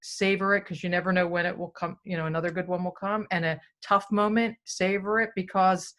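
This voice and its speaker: A woman's voice: on the low side, steady tone, fairly quick, a bit bright. A woman hosting a casual parenting video chat, thoughtful and reflective, laughing now and then. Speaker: parenting talk host.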